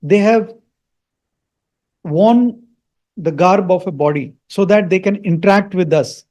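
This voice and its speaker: A man teaching the meaning of a Sanskrit mantra, slowly repeating each word for learners. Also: high-pitched, darkish tone. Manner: slow, repeats words for learners.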